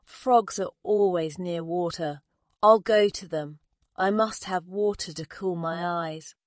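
A woman voicing a big, selfish, cruel male elephant who talks loud and dismissive. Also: lowish voice, takes it slowly, no room sound, clean studio sound. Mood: desperate.

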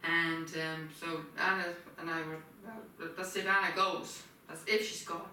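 A woman's voice: lowish voice, steady tone, a little slow, pushed and bright, a little hiss or hum. A woman rambling and repeating herself in a casual home video, with a frog in her throat. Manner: repetitive, circling back over the same points. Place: home kitchen. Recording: echoey kitchen, distant mic.

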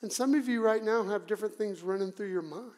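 Speaking quickly in a high voice, this male pastor gives a conversational yet dramatic, emphatic sermon, bursting into sudden loud emphasis. The setting is a church sanctuary with long reverb on the recording.

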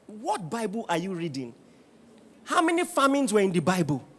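A man preaching a sermon as pastor, firing rhetorical questions at the congregation and building to shouts. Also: high-pitched, moderate pace. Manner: animated preaching with rising shouts and bursts of laughter.

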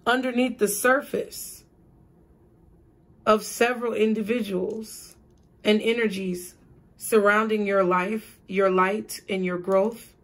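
Tarot reader, woman; slow, measured delivery, repeating spiritual phrases. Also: mid-range voice, fairly even intonation. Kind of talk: tarot reading for viewers.

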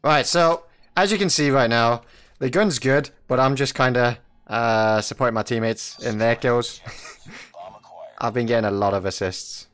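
A young man, a mobile gaming YouTuber, gives casual, jokey commentary over his own mobile shooter gameplay, chatting and laughing often at teammates and enemies. His voice is medium-pitched, clear and resonant with a slight brightness, and he speaks at a measured pace. Music plays faintly in the background.

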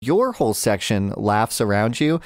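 A man's voice: lowish voice, very animated, normal speed, dry recording, clean studio sound. A man narrating as game master of a tabletop game, casual and profane. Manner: casual, swearing, laughing often.

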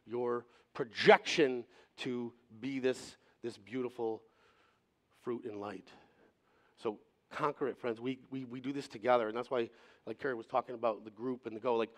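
A male pastor giving a sermon in a conversational manner, acting out quoted voices as he speaks. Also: medium pitch.

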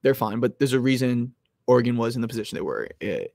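Animated young man on a live stream. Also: mid-range voice, fast talker, creaky, no echo, studio quality. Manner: rambling, filler-heavy, restarts with "like"; animated, loud at times. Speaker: sports betting host. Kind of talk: casual live-stream chat. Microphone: close streaming mic.

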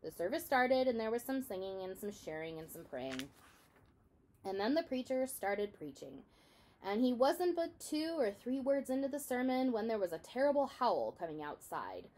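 A woman reading a children's novel aloud in an expressive storytelling manner. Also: a little high, normal speed. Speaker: reader.

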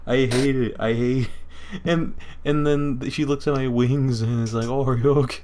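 A man's voice: mid-range voice, fairly even intonation, a little slow, a little mellow, a little hiss or hum. A young man telling a story in casual chat, rambling, swearing and laughing as he goes. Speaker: podcast co-host.

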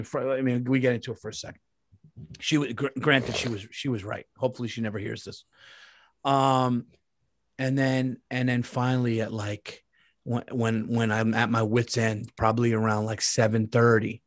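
A man hosting a podcast, telling a comic story in a casual, animated way, swearing and repeating lines for emphasis. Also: medium pitch, no echo, clean studio sound. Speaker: podcast host.

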